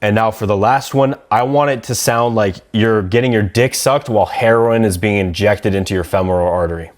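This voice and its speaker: A man's voice: on the low side, brisk, few pauses. Man coaching vocal technique. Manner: calm, steady, demonstrates vocal exercises. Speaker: dating coach. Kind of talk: instructional talk.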